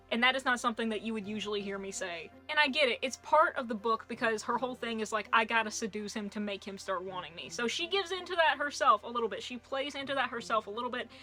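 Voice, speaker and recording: A woman's voice: fairly high pitch, bright, forceful tone. A woman in her twenties chatting casually through a book review vlog, joking and throwing in puns as she goes. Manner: chatty and jokey, with puns and asides.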